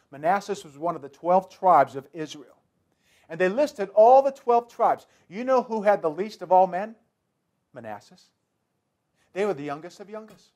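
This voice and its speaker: A man's voice: high-pitched, a little mellow. A man pastor preaching a sermon, emphatic and repetitive, speaking directly to the congregation.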